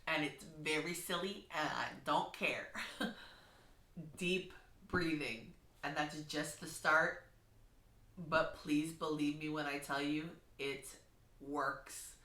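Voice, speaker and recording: A woman's voice: low voice, steady tone, takes it slowly, echoey room, distant mic. A woman who teaches kindergarten, speaking earnestly and encouragingly in a heartfelt vlog. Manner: earnest, encouraging, gently instructive. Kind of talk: heartfelt talking-to-camera vlog.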